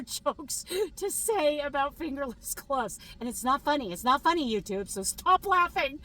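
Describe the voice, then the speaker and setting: A woman's voice: mid-range voice, a little hiss or hum, poor audio. A middle-aged woman chatting casually to her viewers as a crochet vlogger, laughing often as she tells stories. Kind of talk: casual chat to camera.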